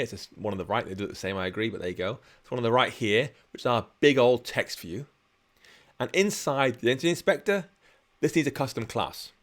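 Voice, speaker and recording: Male coding instructor, mid-pitched, relaxed chatty walkthrough of a live session. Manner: chatty, explains each step while working. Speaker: programming instructor. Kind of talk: live-streamed coding tutorial.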